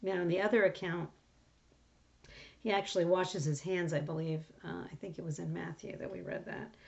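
A woman's voice: on the low side, fairly even intonation, normal speed, vocal fry, darkish tone. A woman talking through a Bible passage in a casual, rambling way, full of fillers and restarts. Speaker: Bible study speaker. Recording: dull lo-fi recording.

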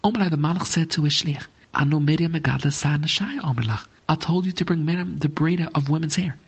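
Male Talmud teacher with a rough, husky and somewhat high voice, who reads each phrase of text and then translates it. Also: quick pace. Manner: reads a phrase of Aramaic, then explains it in English.

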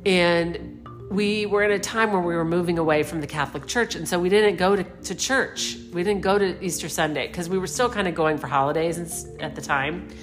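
Middle-aged woman, lower voice, very slow, reflective spiritual talk, meandering, gentle questions to the listener. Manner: meandering, unhurried, searching for words. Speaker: spiritual speaker.

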